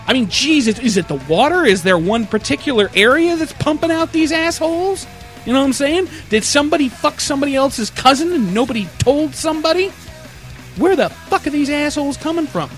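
A man telling a rambling, profanity-heavy road rage story with animated asides, sounding a bit tired. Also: very high-pitched, moderate pace, faint music behind. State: tired, yawning.

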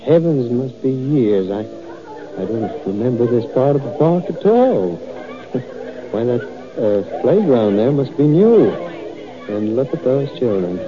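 A timid, stammering old schoolteacher. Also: male voice, medium pitch, sing-song, takes it slowly, crowd noise. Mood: musing. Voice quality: hesitant, stammering, mild-mannered. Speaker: teacher. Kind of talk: 1940s radio acting. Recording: dull old radio recording, faint music.

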